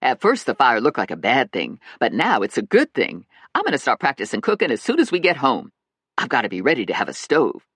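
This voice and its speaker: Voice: mid-range voice, huge pitch swings, a little fast, fairly bright tone, breathy edge, dry recording, clean studio sound, full character voice. A narrator doing a sassy, brash woman. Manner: sassy, emphatic, self-assured.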